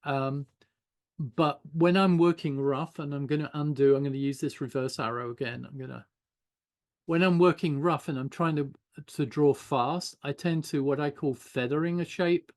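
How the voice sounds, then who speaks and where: A man's voice: a little high, moderate pace, darkish tone. An older man giving an informal online animation class, chatting loosely while he draws and thinks aloud. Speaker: animation teacher.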